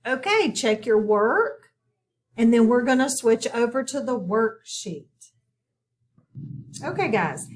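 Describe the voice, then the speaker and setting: A woman teaching a phonics lesson in a recorded video, slow and patient, often checking in with her students. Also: a little high, darkish tone. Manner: slow, patient, instructive with repeated prompts. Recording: distant mic with background noise.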